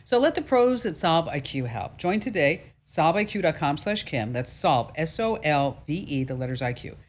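A woman's voice: low voice, expressive, normal speed. A woman hosting a radio tech talk show, brassy and jokey, with emphatic delivery and playful asides.

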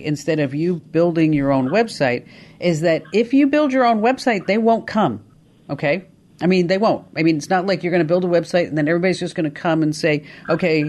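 A woman hosting a call-in radio show, talking in an upbeat, chatty way with quick asides. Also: lowish voice, a little mellow, a little hiss or hum. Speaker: radio talk show host.

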